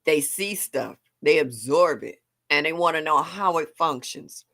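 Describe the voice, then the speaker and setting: A woman's voice: low-pitched, animated, measured pace, sharp tone. An older woman hosting a casual live stream, chatty and emotional, greeting her viewers by name between sighs and laughs. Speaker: livestream host.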